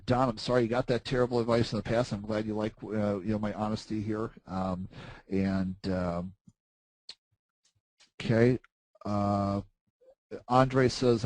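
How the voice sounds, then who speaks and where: A man teaching a live trading course, chatty and animated, full of fillers and "okay?" tags, acting out his own panicked thoughts. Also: mid-range voice, no echo, low-quality recording. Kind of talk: live webinar teaching, answering chat questions.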